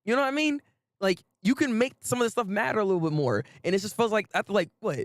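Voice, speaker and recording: Talking fast in a high voice with no echo, a man rants animatedly through a casual anime commentary. He repeats phrases, laughs often and swears casually.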